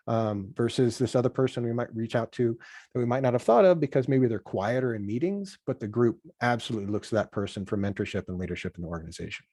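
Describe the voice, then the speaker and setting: A man being interviewed as a podcast guest, chatting in an animated way and acting out workplace conversations. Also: mid-range voice, fast talker, no echo, studio quality. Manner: animated, acts out workplace dialogue. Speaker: podcast guest, software founder.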